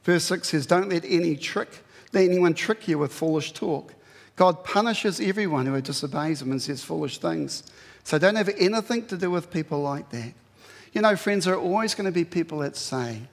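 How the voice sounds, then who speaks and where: Earnest preacher in a reverberant hall. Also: male voice, lively intonation, moderate pace, vocal fry. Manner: earnest, pleading, rises sharply in pitch for emphasis. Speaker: pastor. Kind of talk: sermon.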